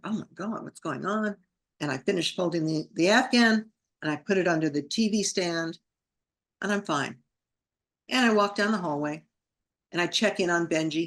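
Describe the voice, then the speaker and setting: This podcast guest speaks with a low-pitched but fairly bright voice. Her personal story comes across vividly and emotionally as she acts out what she was thinking.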